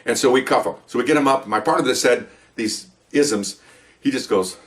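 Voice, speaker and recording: Picked up on a distant mic, this medium-pitched man speaks at a moderate pace. He's an older retired cop spinning loose, humorous stories from his working years as a casual monologue, with plenty of "you know" and "okay?"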